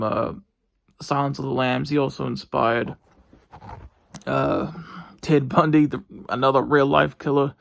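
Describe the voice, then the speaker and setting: A young man, reviewing a TV show from his bedroom in a rambling, halting way with lots of fillers and restarts. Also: mid-range voice, creaky, no room sound, studio quality. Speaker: vlogger. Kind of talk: casual TV review monologue.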